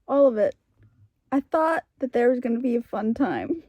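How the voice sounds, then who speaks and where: A young woman talks through her reading in a casual vlog, her slightly high voice dropping to hushed asides and then rising into exasperated rants. She sounds tired from a night without sleep. The sound is dry and close, with no room echo. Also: lively intonation, moderate pace. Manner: emotional, ranting, swings from hushed to exasperated. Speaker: book vlogger.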